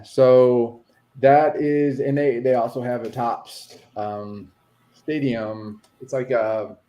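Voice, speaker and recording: A man's voice: mid-range voice, dark tone. A man co-hosting a casual chat about collecting, talking hesitantly with many fillers. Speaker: podcast co-host, card collector. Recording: echoey room.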